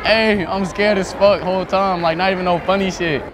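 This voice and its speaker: A man's voice: high-pitched, steady tone, fairly quick, background noise. A nervous man in a crowded basketball gym, repeating himself and swearing as he calls out to the stands on a clip-on mic. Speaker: prank video creator. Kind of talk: nervous prank vlog in a crowd. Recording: loud crowd and music at a basketball game.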